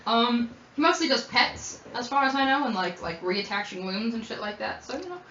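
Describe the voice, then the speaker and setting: A woman's voice: on the high side, lively intonation, a little fast, fairly bright tone, a little hiss or hum. Woman playing a gossipy bookish townswoman. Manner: rambling, gossipy, lots of fillers. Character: chatty young woman townsperson, bookish magic hobbyist. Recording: dull, roomy home recording.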